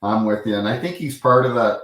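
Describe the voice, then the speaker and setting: Low-voiced man telling rambling stories. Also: brisk, fairly bright tone, echoey room, poor audio. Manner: rambling anecdotes with many restarts, acting out quotes. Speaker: guest, former referee. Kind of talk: casual storytelling interview.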